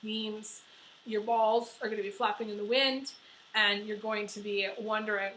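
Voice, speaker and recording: Middle-aged woman doing a tarot reading, bright voice kinda high, blunt and swears a lot, faint hiss behind. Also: fairly even intonation, normal speed, poor audio. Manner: blunt, chatty, swears freely, many fillers. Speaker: tarot reader. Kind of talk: casual tarot reading to camera.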